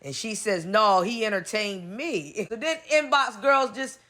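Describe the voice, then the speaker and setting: A woman's voice: mid-range voice, measured pace, sharp tone. A woman hosting a gossip commentary, blunt and sassy, laughing often as she reads posts aloud. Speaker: gossip channel host.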